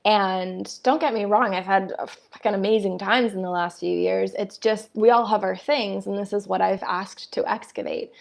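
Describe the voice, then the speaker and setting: A woman in her thirties gives a live-stream talk as a spiritual coach. Her voice has a gravelly grain at an ordinary middle pitch. She speaks candidly and with fire. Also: fairly even intonation, normal speed. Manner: candid, fiery and swearing.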